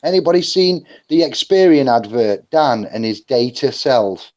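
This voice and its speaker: A man giving a casual seminar talk, jokey and animated, acting out phone calls. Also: medium pitch, normal speed, lo-fi sound. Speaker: seminar speaker.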